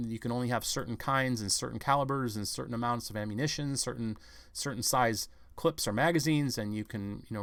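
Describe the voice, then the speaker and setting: A man's voice: medium pitch, fairly bright tone, no room sound. A man giving rambling, confrontational news commentary on his own channel, firing off rhetorical questions. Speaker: vlog commentator.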